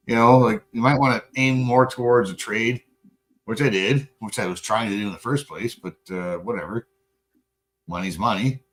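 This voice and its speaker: A man hosting a late-night casual chat, rambling and swearing freely, with an animated, profane delivery. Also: fairly low pitch, low-quality recording. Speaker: podcast host.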